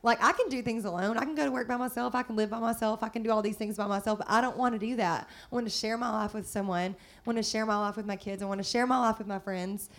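Woman, middle-aged, chatty co-host, slightly high voice, upbeat with fillers. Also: fairly even intonation, fast, few pauses, a bit bright. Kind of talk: casual faith-based chat.

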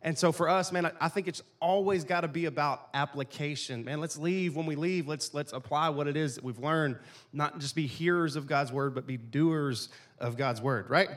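Joking preacher, fairly high voice. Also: male voice, moderate pace. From East Texas, USA. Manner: casual, joking, conversational preaching. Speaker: pastor. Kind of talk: sermon.

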